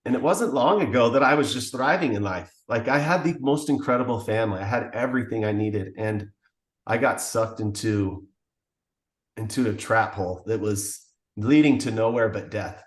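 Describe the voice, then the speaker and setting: A man's voice: on the low side, moderate pace, echoey room. A man telling the story of his past as a podcast guest, in an earnest, emotional way. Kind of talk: personal testimony.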